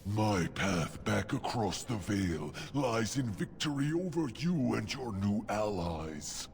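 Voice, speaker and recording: An actor voicing a scheming male demon in a video game, speaking in a slow, ominous, formal way. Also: fairly low pitch, sing-song, vocal fry, husky, full character voice.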